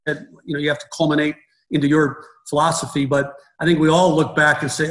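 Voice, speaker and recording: A man's voice: fairly high pitch, flat delivery, a little fast, fairly bright tone, soft background music, low-quality recording. A middle-aged man, a baseball coach, talking in an interview, rambling and restarting his sentences often. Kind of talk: conversational interview.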